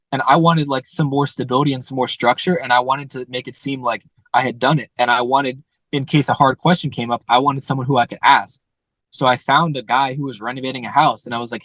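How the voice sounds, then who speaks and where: A young man talks at a brisk clip, rambling through his stories and slipping into quoted voices as he goes. His voice is mid-pitched and sounds dry and close. It is easy, casual conversation. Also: a bit bright, no echo, low-quality recording. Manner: fast, rambling storyteller who acts out quotes. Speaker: guest entrepreneur.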